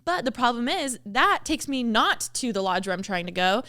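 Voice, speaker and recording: A woman in her twenties co-hosting a podcast, telling an animated story in casual chat, acting out her own reactions, laughing often and swearing. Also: a little high, normal speed. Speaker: podcast co-host.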